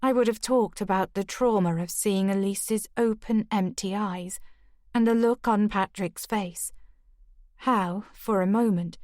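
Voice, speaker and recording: A woman reading a first-person mystery audiobook in a steady, measured way. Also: mid-range voice, no echo, clean studio sound. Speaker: audiobook narrator.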